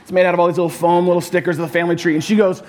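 Pastor, male, high-pitched, easygoing storyteller with a light comic touch. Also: flat delivery, racing, darkish tone. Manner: humorous storytelling, conversational. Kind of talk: sermon.

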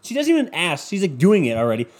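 Young man, podcast host, swearing rant, sarcastic, slightly high voice. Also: fast talker. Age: 20s. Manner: profane, sarcastic, animated impressions in quotes. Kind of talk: ranting comedic storytelling.

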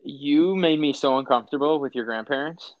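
A man's voice: fairly high pitch, a little fast, no echo, dull audio. A young man hosting a casual chat, telling rambling stories with slang and frequent laughs. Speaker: podcast host.

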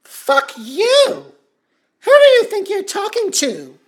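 A performer playing a prim female talk-show host who is secretly an older man, talking slowly and then blowing up into shrieking rage. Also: extremely high pitch, animated, a bit bright, exaggerated voice. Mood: furious. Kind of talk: comedy sketch acting.

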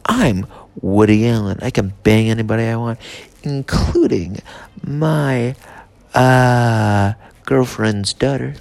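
A man's voice: medium pitch, slow, creaky, darkish tone, no room sound. A man playing a neurotic, self-absorbed writer-comedian who rambles about himself. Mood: boastful. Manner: boastful, rambling self-introduction.

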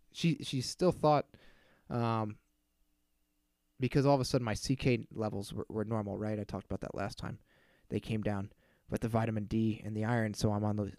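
A man's voice: lowish voice, darkish tone, dry recording, studio quality. A man in his thirties hosting a casual solo podcast, ranting in an exasperated, profane way and mocking the people he quotes. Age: 30s. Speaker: podcast host.

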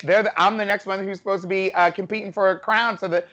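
A woman's voice: mid-range voice, fast talker, muffled recording. Chatty, laughing woman host. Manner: chatty and animated, laughs often. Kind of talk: casual chat.

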